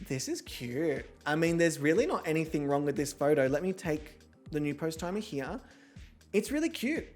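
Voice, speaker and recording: A man's voice: fairly high pitch, big pitch swings, normal speed, faint music behind. A young man hosting a model-show game, chatting casually in a campy, self-mocking way and swearing often. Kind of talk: casual gameplay commentary.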